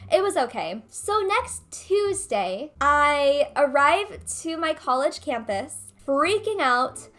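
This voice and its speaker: A woman's voice: sits high, fairly bright tone. A young woman vlogger retelling a personal story in a chatty, casual way with lots of fillers. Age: young adult. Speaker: gaming vlogger.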